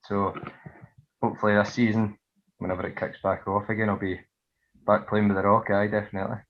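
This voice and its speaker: A man's voice: lowish voice, flat delivery, brisk, lo-fi sound. A Scottish man, a football club captain, giving dry short answers in casual chat.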